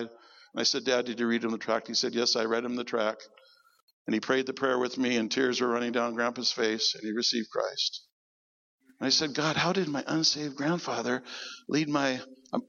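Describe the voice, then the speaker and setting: A male preacher with a bright, high-pitched voice tells stories from the pulpit. He slips into the voices of the people he describes. The recording sounds a little dull and lo-fi. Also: in a large hall. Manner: animated, acts out voices in his stories. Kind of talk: storytelling sermon.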